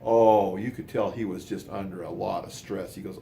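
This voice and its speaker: An older man with a fairly low voice tells a personal story at an easygoing pace. He rambles, restarts his words and goes off on small asides as he talks. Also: fairly even intonation, moderate pace, vocal fry, few pauses, warm tone, slight background noise.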